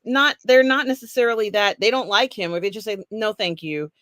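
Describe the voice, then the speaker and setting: A woman's voice: medium pitch, lively intonation, brisk, a bit bright, no room sound. Chatty woman co-host, frank, laughs a lot, lots of ums, dry close mic. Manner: chatty, frank, laughs often, many fillers. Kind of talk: casual pop culture chat.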